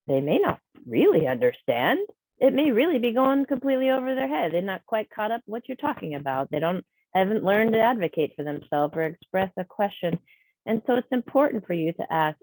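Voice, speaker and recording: A woman's voice: a little high, very animated, a little fast, a little mellow, no room sound, low-quality recording. A woman voicing a deaf trainer's signed talk into speech over a video call, explaining patiently and conversationally. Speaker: sign language interpreter voicing a deaf trainer. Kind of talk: live spoken interpretation of a training session.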